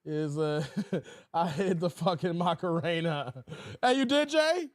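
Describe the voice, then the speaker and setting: A man's voice: on the high side, lively intonation, measured pace, no room sound, studio quality. A middle-aged man hosting a casual livestream, playful and laughing often as he reads out the chat and thanks donors. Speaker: livestream host.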